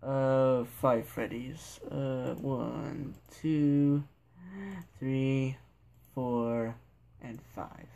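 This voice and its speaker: A young man with a gravelly, mid-pitched voice gives casual commentary while he plays. He rambles goofily, talks to himself and barks at the characters on screen. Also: little pitch movement, extremely slow, warm tone. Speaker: gameplay video maker.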